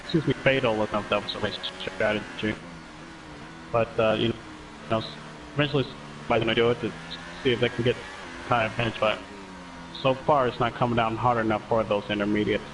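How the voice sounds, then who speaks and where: A man's voice: on the low side, steady tone, brisk, long pauses, noisy background. A man co-commentating an online sim race, talking through tire strategy and correcting himself as he goes. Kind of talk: casual live sim racing commentary.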